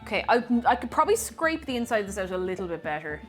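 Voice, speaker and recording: A woman's voice: medium pitch, sing-song, fast talker, over music. A woman streamer in casual live-stream chat, greeting viewers by name and playfully repeating phrases while she works in her home kitchen.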